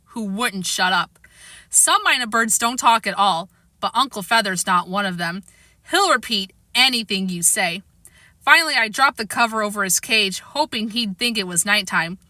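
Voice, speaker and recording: A woman narrating a children's chapter book aloud with expressive delivery. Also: on the high side, dry recording. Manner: lively, expressive. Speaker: audiobook reader. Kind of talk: storybook narration.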